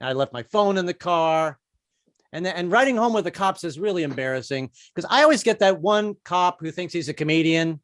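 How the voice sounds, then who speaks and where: A man's voice: high voice, expressive, a little fast, a bit bright, no room sound, clean studio sound. A man in his fifties doing a stand-up comedy set, rambling and self-mocking, with many restarts.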